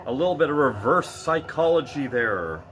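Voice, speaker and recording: A man's voice: medium pitch, very animated, moderate pace, noisy background. A middle-aged man ranting in a blunt, profane way in a vlog, laughing at himself now and then. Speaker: vlogger.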